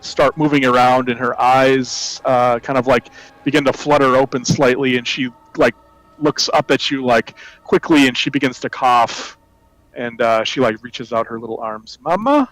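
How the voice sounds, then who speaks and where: A man's voice: medium pitch, flat delivery, normal speed, a bit bright. A man narrates a tabletop game as game master in a loose, filler-heavy style. His voice sounds dry and close, with no room echo.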